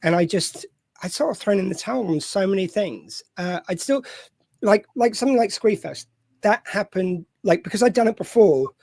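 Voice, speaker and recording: A man's voice: sits high, lively intonation, moderate pace, creaky, a little mellow, dry recording. A man with a slightly posh voice who hosts a show. He chats casually and rambles, with many fillers and restarts. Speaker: host. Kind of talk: casual chat.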